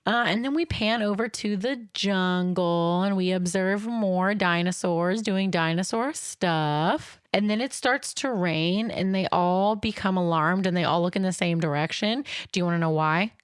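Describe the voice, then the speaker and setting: A young woman co-hosting a podcast, excitedly recapping a film in casual chat and getting emotional over it. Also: on the low side, unhurried, hardly any pauses, smooth, dry recording, clean studio sound. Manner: animated, emotional, dramatic retelling. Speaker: podcast co-host.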